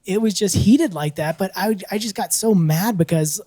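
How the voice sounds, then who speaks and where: A man's voice: high voice, normal speed, dry recording. A man co-hosting a podcast, telling a story casually, laughing often and acting out what people said. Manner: animated, laughs often, acts out quotes. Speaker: podcast co-host.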